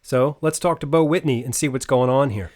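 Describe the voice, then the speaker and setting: A man's voice: medium pitch, a little fast, darkish tone. A man hosting a podcast, talking in a chatty, wry, mildly sarcastic way. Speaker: podcast host. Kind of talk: casual podcast monologue.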